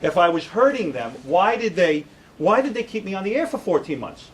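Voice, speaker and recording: A middle-aged male radio broadcaster speaks fairly quickly in a high-sitting, very animated voice. At a press conference he gives an indignant, sarcastic statement and takes questions. The recording quality is low.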